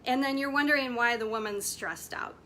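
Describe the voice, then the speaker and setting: Woman, 40s, motivational coach, bright forceful tone, slightly high, faint rumble under it. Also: brisk. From United States. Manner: emphatic, passionate, preachy. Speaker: women's coach. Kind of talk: direct-to-camera motivational talk.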